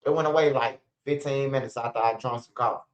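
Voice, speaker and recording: A man's voice: medium pitch, fairly even intonation, fast. Profane man in his forties telling stories. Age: 40s. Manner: rambling, profane, laughing, with many restarts. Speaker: channel host. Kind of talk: casual livestream storytelling. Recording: roomy, dull lo-fi stream audio.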